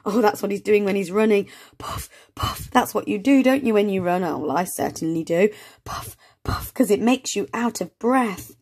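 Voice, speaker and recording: A woman reading an early reader aloud to young children, gently sounding out words and asking encouraging questions. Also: medium pitch, brisk, few pauses, slightly rough. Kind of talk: children's read-along lesson.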